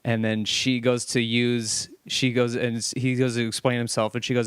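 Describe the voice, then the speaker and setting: A man's voice: mid-range voice, normal speed, few pauses, clean tone, no echo, studio quality. A man co-hosting a casual podcast chat, swearing freely and acting out quotes as he tells stories. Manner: profane, animated storytelling with quoted voices. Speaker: podcast co-host.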